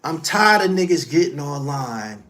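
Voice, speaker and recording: A middle-aged man delivering a heated, profane rant, scolding someone directly and swinging between loud outbursts and low muttering. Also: sing-song, unhurried. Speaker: commentary host.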